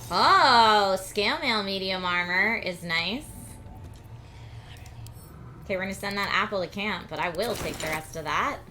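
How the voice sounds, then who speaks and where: A woman streamer talking her way through a video game live, thinking aloud with quick laughs. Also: mid-range voice, lively intonation, pushed and bright, slight background noise. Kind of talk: live gameplay commentary. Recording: game music playing behind.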